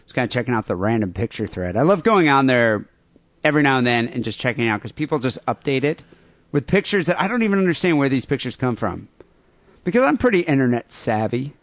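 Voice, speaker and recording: A man's voice: mid-range voice, big pitch swings, fast, no room sound. A man co-hosting a crude podcast, reading listener emails and rambling sarcastically. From United States. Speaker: podcast co-host.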